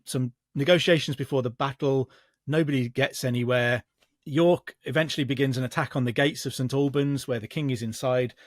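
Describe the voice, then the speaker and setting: A man's voice: medium pitch, no room sound. Man explaining history, dry sound. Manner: measured storytelling with frequent restarts. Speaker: historian guest. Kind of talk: casual podcast explanation of history.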